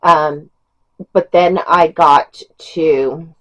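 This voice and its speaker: A woman's voice: deep voice, steady tone, drawn-out words, fairly bright tone, rough recording. A middle-aged woman chatting casually as a book reviewer, rambling with fillers and small laughs. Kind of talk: casual chat.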